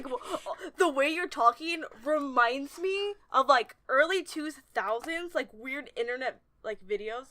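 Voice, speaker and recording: A young woman co-hosting a casual podcast who cuts in with quick jokes and questions. Her voice is high and bright, with lively ups and downs. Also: a little hiss or hum. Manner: quick, joking interjections. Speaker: podcast co-host. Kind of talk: casual chat.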